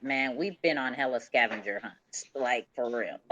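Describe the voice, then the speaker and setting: A man's voice: medium pitch, a little slow, a bit bright, a little hiss or hum. A man hosting a casual live audio chat, laid-back and profane, laughing often. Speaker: host. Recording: dull lo-fi call audio.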